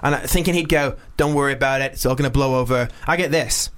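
A man co-hosting a casual chat, rambling and animated as he tells stories and acts out what people said. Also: mid-range voice, quick pace. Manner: rambling, animated storytelling with voiced quotes. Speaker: podcast co-host.

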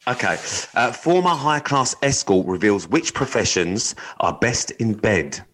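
A young man co-hosts a casual, radio-style chat show, reading strange news stories aloud with wry jokes and casual swearing. His mid-range voice is a bit bright and lively in intonation, a little slow, on a low-quality recording.

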